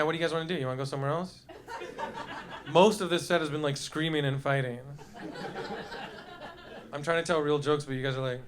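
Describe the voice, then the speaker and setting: A high-pitched man on a comedy club stage, talking into a handheld mic. He rambles loosely through his bits and riffs with the audience, slipping into quick character voices. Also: noisy background. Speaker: stand-up comedian. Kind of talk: live stand-up with crowd work. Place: comedy club stage before a laughing crowd.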